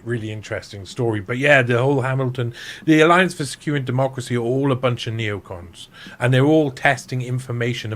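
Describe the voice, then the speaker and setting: Man rambling about politics, restarting a lot. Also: mid-range voice. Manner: rambling, many restarts, rising intensity. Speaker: panel guest. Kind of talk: casual political discussion on a stream.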